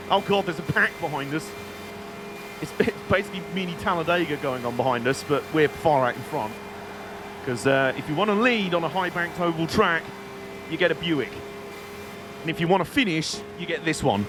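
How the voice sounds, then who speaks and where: British guy on a live stream, fairly high voice, jokey and rambly, engines roaring behind. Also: noisy background. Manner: chatty, joking, reads chat aloud. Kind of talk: casual live-stream commentary.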